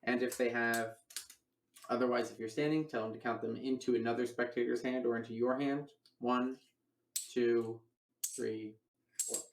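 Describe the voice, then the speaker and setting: Gravelly man teaching a coin trick. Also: mid-range voice, fairly even intonation, moderate pace, long pauses, reverberant, slight background noise, poor audio. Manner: explains coin sleights step by step, acts out patter. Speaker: magic teacher. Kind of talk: casual online magic lecture. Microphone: online voice call.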